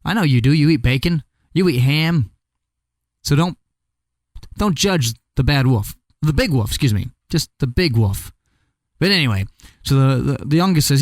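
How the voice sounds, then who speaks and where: A man's voice: mid-range voice, lively intonation, normal speed, pauses often, no echo. A man telling a fairy tale casually, with chatty, joking asides to the listener. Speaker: storyteller. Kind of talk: casual comic storytelling.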